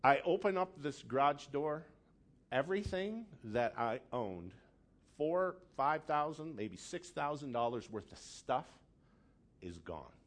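A middle-aged man preaching a sermon, telling a personal story with dramatic, animated delivery and acted-out outbursts. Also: mid-range voice, takes it slowly. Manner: animated, dramatic storyteller who acts out his own angry outbursts. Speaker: pastor.

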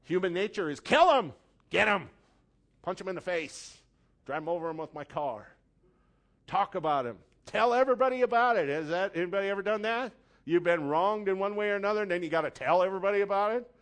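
A man preaching a sermon with animated delivery, acting out voices with sudden high squeals. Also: brisk. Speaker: pastor.

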